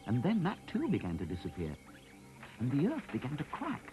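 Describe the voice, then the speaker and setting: A man narrating a children's storybook in a gentle, expressive way. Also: mid-range voice, brisk, poor audio. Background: soft music.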